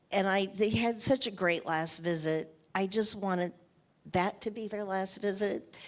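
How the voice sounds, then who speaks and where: Woman guest storyteller, older, low-ish voice, heartfelt and repetitive anecdotes. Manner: anecdotal, emotional, repeats phrases. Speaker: interviewed author. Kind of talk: onstage interview storytelling.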